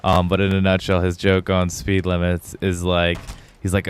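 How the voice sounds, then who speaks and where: A young man chats with his viewers while playing a game live. His voice sits low and comes through clear and smooth. He rambles, swears easily and drifts between topics. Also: monotone, moderate pace. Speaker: live streamer. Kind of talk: casual gaming livestream chat.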